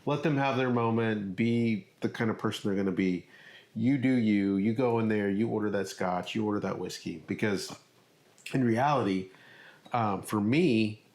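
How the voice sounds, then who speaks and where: A man's voice: lowish voice, moderate pace, darkish tone. A man co-hosting a podcast in an easygoing, teasing way, asking his partner questions. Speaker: podcast co-host. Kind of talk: casual chat.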